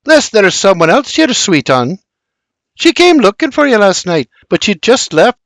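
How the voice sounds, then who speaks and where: A man's voice: high-pitched, very animated, normal speed, fairly bright tone, no room sound, studio quality, voice pushed up, exaggerated voice. A man voicing a sarcastic young colonial woman who teases her brother. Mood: teasing. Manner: bossy, needling, sarcastic.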